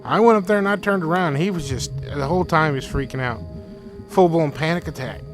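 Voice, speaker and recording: His voice on the high side and his pace brisk, a young man rambles through a frightening personal story, repeating himself and quoting his friend in excited bursts. The recording is rough, with faint music behind him.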